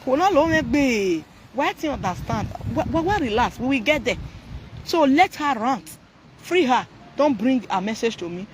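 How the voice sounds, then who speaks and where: A man's voice: extremely high pitch, big pitch swings, moderate pace, slight background noise. A man with a Nigerian accent talking to viewers on a live stream, ranting animatedly and mixing Pidgin, Yoruba and English.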